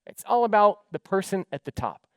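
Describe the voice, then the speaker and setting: A man speaks on stage in an animated storytelling style, his pitch swinging widely. His voice is dry and close, with no room echo at all. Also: brisk. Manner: animated, dramatic storyteller who acts out dialogue. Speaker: keynote speaker. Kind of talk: storytelling keynote talk.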